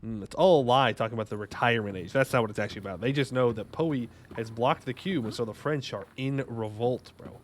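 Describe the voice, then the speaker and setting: A man's voice: mid-range voice, fast, hardly any pauses, a little hiss or hum. A man streaming a game live, chatting casually and joking while answering his chat.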